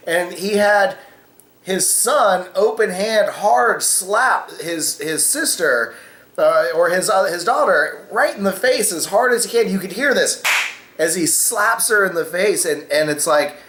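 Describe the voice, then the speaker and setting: A man's voice: high voice, fairly bright tone, reverberant. A man hosting a casual opinion vlog, rambling with many fillers and cussing freely. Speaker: vlogger host.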